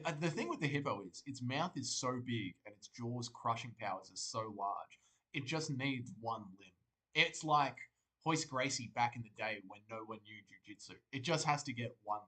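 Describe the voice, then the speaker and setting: A man's voice: mid-range voice, fairly bright tone, rough recording. An Australian man streaming live, joking, rambling and swearing as he reads viewer comments aloud. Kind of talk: casual livestream chat.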